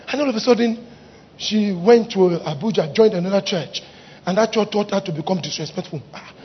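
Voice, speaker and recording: A middle-aged man, a pastor preaching a fiery sermon with shouted exhortations. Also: high voice, husky, dull audio.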